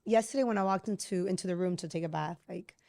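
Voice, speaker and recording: A woman hosting a podcast, talking casually with quick, conversational restarts. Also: fairly low pitch, vocal fry, darkish tone, no room sound, studio quality. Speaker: podcast host. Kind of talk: casual chat.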